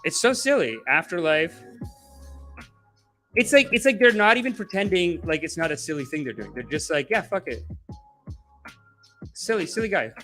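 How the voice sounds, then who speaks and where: A man's voice: fairly high pitch, animated, normal speed, a bit bright, soft background music. A man hosting a podcast, rambling, profane and mocking in loose commentary. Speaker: podcast host.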